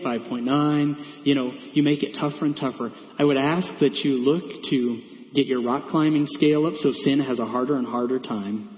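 Man, preacher, conversational sermon, long church reverb, muffled lo-fi recording. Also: mid-range voice. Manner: conversational, with many fillers and asides. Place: church sanctuary. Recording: echoey church hall, dull sound.

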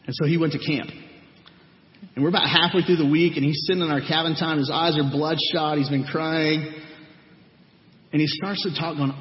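A man's voice: a little high, fairly even intonation, moderate pace, pauses often. A man speaking to a gathering, earnestly recounting stories about teens and voicing their words. His voice echoes around a large hall, and the sound is dull and lo-fi. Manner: earnest storytelling, acts out quoted people. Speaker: youth ministry leader. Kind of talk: testimony talk to a gathering.

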